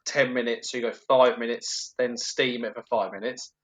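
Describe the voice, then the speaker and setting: A man's voice: mid-range voice, level tone, moderate pace. A young man, a podcast co-host, telling work stories in casual, sweary banter. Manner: swearing, storytelling with put-on quoted voices.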